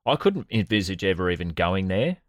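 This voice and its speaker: A man's voice: deep voice, very animated, a little fast, no room sound, studio quality. A man co-hosting a comedy podcast, telling sardonic, profane stories in casual banter. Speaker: podcast co-host.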